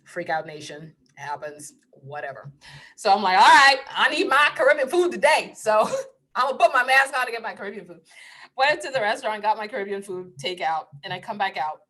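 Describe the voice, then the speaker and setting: A woman's voice: mid-range voice, lively intonation, a little fast, fairly bright tone. A woman hosting a casual spiritual livestream, laughing often as she tells playful, digressive stories. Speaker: spiritual host.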